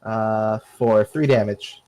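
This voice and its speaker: A man's voice: fairly low pitch, fairly even intonation, takes it slowly, darkish tone, smooth, rough recording. A man narrating a tabletop game as game master, talking in a loose, rambling way and swearing freely.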